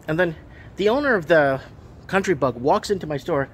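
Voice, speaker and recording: A man's voice: a little high, animated, normal speed, husky. A man in his thirties, a vlogger and shop owner, rambling and exasperated as he talks casually in his shop under renovation, repeating himself. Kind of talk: casual vlog rant.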